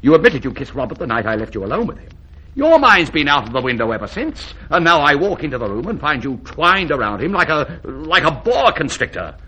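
A man's voice: a little high, sing-song, brisk, sharp tone, husky, dull audio, exaggerated voice. A man playing an indignant jealous professor. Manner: stiff, indignant, lecturing. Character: jealous pompous male professor, fiancé.

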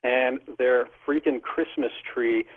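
A man's voice: mid-range voice, fairly even intonation, takes it slowly. A middle-aged man animatedly telling a story, often laughing as he talks, as an interview guest. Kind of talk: casual storytelling. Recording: tinny phone line.

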